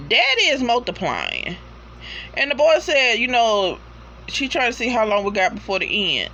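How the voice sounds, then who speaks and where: Animated woman recapping a show, bright voice. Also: a little high, slight background noise. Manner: animated storyteller, slangy and profane, acts out reactions. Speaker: TV episode reviewer. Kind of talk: casual recap with profanity.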